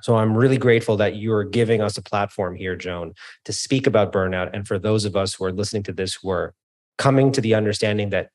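A man's voice: on the low side, fairly quick, darkish tone. A man who gives keynote talks, a guest on a podcast, explaining his ideas energetically and now and then correcting himself. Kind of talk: interview conversation.

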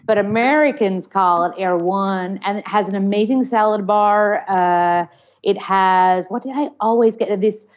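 An Australian woman trained as an actor, a podcast guest who chats in a lively, laughing way and swears casually while trying an American accent. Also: mid-range voice, moderate pace. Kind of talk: casual chat.

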